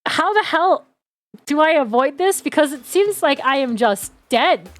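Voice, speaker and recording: A woman's voice: high-pitched, animated, a little slow. A woman streamer chatting casually and sarcastically while playing a dating game.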